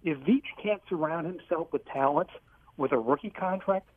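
A man's voice: a little high, normal speed. A man calling in to a sports radio show over the phone, politely arguing his point. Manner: polite but argumentative. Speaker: caller. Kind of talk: call-in radio. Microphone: telephone. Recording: tinny phone line.

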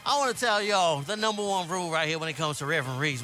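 Brief: high-pitched man, radio co-host, preacher-style joke ranting, music bed in the studio. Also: lively intonation, fairly quick, sharp tone. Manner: playful preacher-style ranting, laughs a lot. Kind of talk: joking mock-sermon banter.

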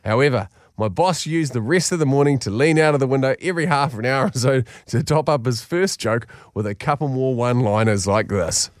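A man co-hosting a podcast, reading a listener story aloud in an animated way and laughing often. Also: medium pitch, brisk, hardly any pauses, dry recording, studio quality. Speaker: podcast co-host.

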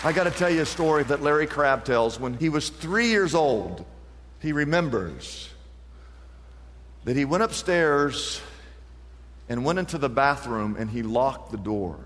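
A man's voice: mid-range voice, lively intonation, unhurried, fairly bright tone, big-room sound, a faint crowd, a little hiss or hum. A male pastor preaching an impassioned sermon, building each point to a repeated refrain.

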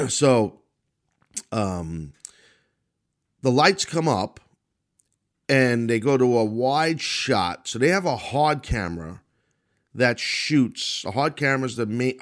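A middle-aged man with a New York accent, hosting a wrestling podcast and giving blunt, rambling commentary full of restarts. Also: medium pitch. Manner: blunt, rambling, self-correcting. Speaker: podcast host and former wrestling announcer. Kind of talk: casual commentary monologue.

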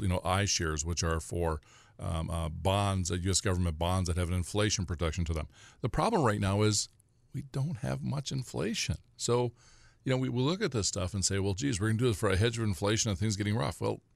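A deep, low-pitched man giving money advice on call-in radio, folksy and rambling, full of little fillers. His voice sounds dry and close to the mic. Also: gravelly, no room sound. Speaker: financial advisor radio guest. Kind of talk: casual call-in radio chat.

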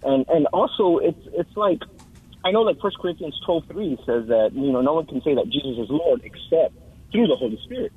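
A man's voice: a little high, lively intonation, a little fast, slightly rough. A young man calling in to a radio show, hesitant and full of um and like, heard over a muffled phone line. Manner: hesitant, peppered with um and like. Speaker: caller. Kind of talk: call-in radio conversation.

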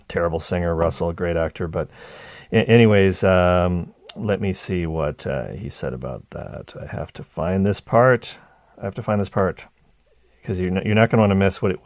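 A man's voice: low voice, a little mellow, no room sound. Man, casual commentary, reads quotes aloud, digressive, restarts a lot, dry close sound. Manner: chatty and digressive, with frequent restarts and asides.

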